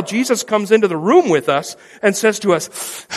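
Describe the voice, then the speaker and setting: A man preaching a sermon, dramatic, acting out quoted voices with big swings from loud pleas to near-whispers. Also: sits high, animated, moderate pace, hardly any pauses. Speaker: pastor. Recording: long hall reverb.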